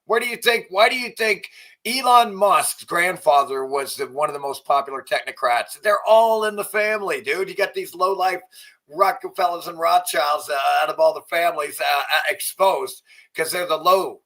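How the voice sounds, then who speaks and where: A man giving crude, mocking reaction commentary on video clips, swearing and breaking into loud outbursts. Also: on the high side, moderate pace.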